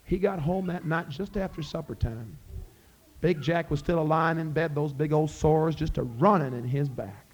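A middle-aged man with a Southern Appalachian accent, telling a folk tale to a live audience in a folksy, relaxed way. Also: a little high, breathy edge. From Scott County, Virginia. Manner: folksy, relaxed, addresses listeners as friends. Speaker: storyteller and musician.

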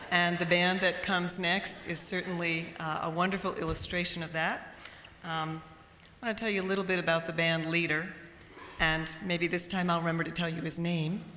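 A woman emceeing a live event, announcing from the stage in a warm, chatty way with small fillers. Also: lowish voice, fairly even intonation, moderate pace. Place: large hall with live audience. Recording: roomy hall, faint crowd and noise.

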